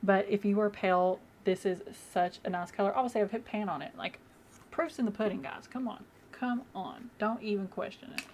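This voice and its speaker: A woman's voice: medium pitch, fairly even intonation, brisk, a little mellow, slight background noise. A young woman vlogging casually as she does her makeup, chatty and rambling with many fillers, at home. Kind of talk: casual get-ready-with-me chat.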